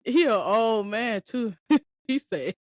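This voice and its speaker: A woman's voice: on the high side, lively intonation, slow pace, no room sound. Chatty woman podcast host, dry sound. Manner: rambling, conversational, addresses listeners directly. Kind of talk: casual storytelling chat.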